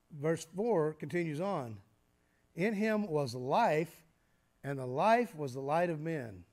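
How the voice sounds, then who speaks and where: A man preaching a teaching sermon, explaining step by step and often pausing with fillers and restarts. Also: fairly high pitch, a little mellow. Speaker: pastor.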